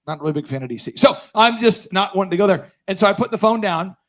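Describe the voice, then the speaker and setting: A man's voice: high-pitched, fast. A man giving a storytelling talk at a conference, acting out the dialogue he quotes. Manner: animated, acts out quoted dialogue. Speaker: conference speaker.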